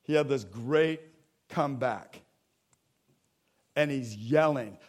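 A man's voice: medium pitch, animated, slow, pauses often. A man preaching a sermon as pastor in a church, talking with the congregation in a conversational way and acting out Bible scenes. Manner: acts out Bible scenes in quoted voices. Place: church sanctuary.

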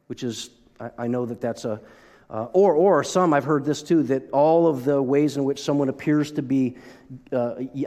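Animated pastor in a reverberant hall. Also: male voice, mid-range voice. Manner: animated, joking asides, frequent restarts. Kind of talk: sermon. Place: church sanctuary.

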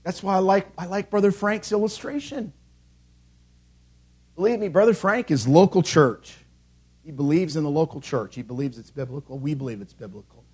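A man with a high, husky voice preaches from a church pulpit. He presses his points with repeated calls and rhetorical questions, rising and falling as he drives each line home. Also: normal speed, darkish tone. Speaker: pastor. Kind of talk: sermon.

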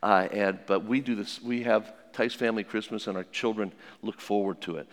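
A man's voice: on the low side, steady tone, normal speed, few pauses. An older man, a family counselor, giving plainspoken advice to an audience with stories and repeated maxims. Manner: plainspoken and anecdotal, with many restarts and repeated maxims. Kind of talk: folksy talk with religious advice. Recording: long hall reverb.

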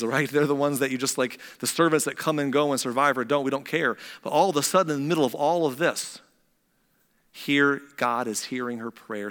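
Man preaching in a reverberant hall. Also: mid-range voice. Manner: storytelling with dramatic swings between loud and hushed. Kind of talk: sermon.

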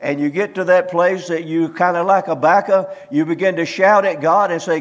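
A man preaching a sermon as pastor, reading scripture slowly and emphatically with many "uh" fillers. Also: fairly high pitch, long reverb tail.

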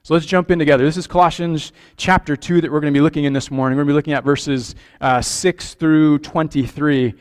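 A man's voice: a little high, fairly even intonation, brisk, hardly any pauses, clean tone. A man preaching a sermon as pastor, speaking in an earnest, conversational way and checking in with the congregation with questions.

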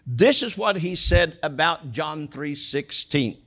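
Gravelly guy preaching a sermon, leans hard on words, drags the big ones out slow. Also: fairly high pitch, expressive, fairly bright tone. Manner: emphatic preaching, stretching key words slowly. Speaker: pastor.

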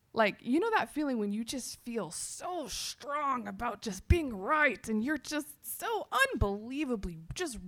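A woman from Texas, giving an animated personal testimony to a church audience, full of fillers and quoted self-talk. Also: on the high side.

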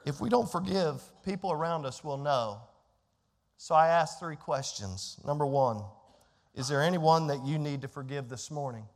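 High-voiced older pastor preaching in a hall. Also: male voice, normal speed. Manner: emphatic, swings from hushed to loud; conversational asides to the congregation. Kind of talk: sermon. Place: church sanctuary. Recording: echoey hall with faint music.

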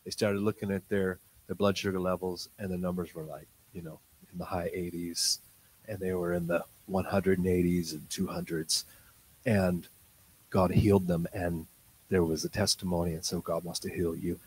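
Animated male preacher telling a story. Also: deep voice, normal speed, slightly rough, rough recording. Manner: animated, swings from quiet to loud bursts; tells stories in quoted dialogue. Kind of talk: sermon with storytelling.

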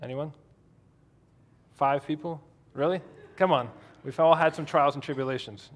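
A man's voice: fairly high pitch, normal speed. A man preaching a sermon in a conversational way, asking the congregation questions. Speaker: pastor.

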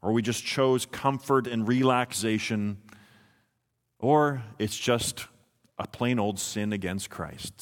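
A man preaching a sermon as pastor, moving from hushed, slow reflection to quick, rising intensity. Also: medium pitch, long reverb tail. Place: church sanctuary.

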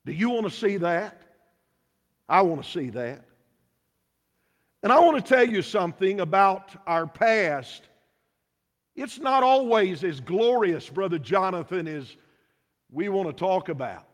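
A pastor preaches a sermon in a church, his high, slightly bright voice emphatic and packed with rhetorical questions. The recording carries a long hall reverb.

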